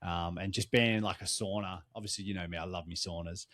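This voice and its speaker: A man's voice: deep voice, quick pace, no room sound. A young Australian man co-hosting a casual podcast, telling travel stories with plenty of swearing. He sounds worn out from the trip. The recording is dry and close, with no room sound. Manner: swearing, animated storytelling. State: tired after travel. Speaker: podcast co-host. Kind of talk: casual chat.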